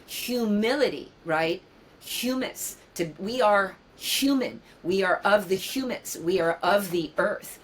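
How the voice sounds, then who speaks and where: A woman's voice: mid-range voice, animated, slow, low-quality recording. A woman in her sixties from New York, a yoga teacher talking as an interview guest in an earnest, musing way, often repeating key phrases. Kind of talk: reflective conversational interview.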